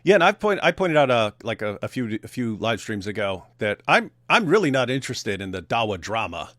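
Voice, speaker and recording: A man's voice: on the low side, big pitch swings, fairly quick, a bit bright, dry recording, studio quality. A man hosting a casual live stream, reading viewer comments aloud, laughing often and restarting his sentences. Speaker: host.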